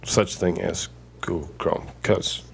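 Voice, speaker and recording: A man's voice: low voice, fairly even intonation, slow, gravelly, a little hiss or hum. A man hosting a casual podcast chat, rambling along with lots of fillers and restarts. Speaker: podcast host.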